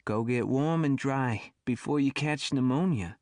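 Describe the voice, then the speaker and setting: A man's voice: mid-range voice, unhurried, a little mellow, no room sound, studio quality, voice pushed up, close to an everyday voice. A man reading an audiobook and voicing a kindly grandmotherly old woman with a thick Brooklyn accent. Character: elderly grandmotherly woman, kind and fussing.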